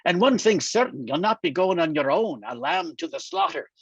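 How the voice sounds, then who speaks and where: A gruff older man with a wry, teasing streak, as a reader puts him on. He speaks a little high for a man, and the dull, dry recording mutes his voice. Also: wildly swooping pitch, normal speed, no room sound, heavily acted. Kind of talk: reading a novel aloud. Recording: dull, muffled dry sound.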